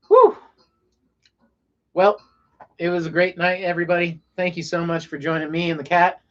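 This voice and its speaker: A man's voice: sits high, steady tone, measured pace, pauses often, fairly bright tone. Laid-back rambling man on a lo-fi stream. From Colorado, USA. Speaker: livestream host. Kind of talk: casual late-night livestream chat. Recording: dull lo-fi sound.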